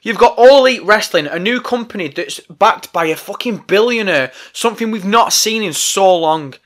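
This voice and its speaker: A man's voice: high voice, expressive, normal speed, a bit bright. A man hosting a podcast, delivering a heated, profane, exasperated rant. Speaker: podcast host. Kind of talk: ranting podcast monologue.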